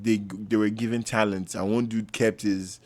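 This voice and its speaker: A man reacting to a football match as a fan, loud and trash-talking, with bursts of shouting. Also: fairly low pitch, steady tone, normal speed, no echo.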